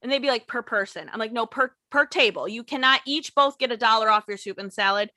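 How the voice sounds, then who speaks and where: A young woman venting in casual conversation, her voice high and bright. She tells blunt, profane stories and mimics the customers. The sound is dry and close, with no room echo. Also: lively intonation, fast. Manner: blunt, profane storytelling with mocked customer quotes. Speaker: former waitress and bartender. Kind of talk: casual chat.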